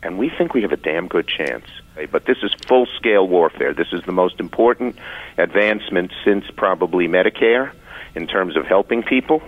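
A politician speaking firmly in a measured way, his voice very low. The clip sounds tinny and phone-like, dry with no room sound. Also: expressive, dry recording. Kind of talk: political statement.

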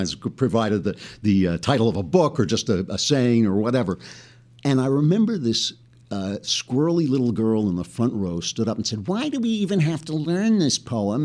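Low-voiced male podcast host telling stories. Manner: animated storyteller, chatty asides, laughs mid-sentence; recites poetry with rhythmic, dramatic emphasis. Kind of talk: podcast monologue.

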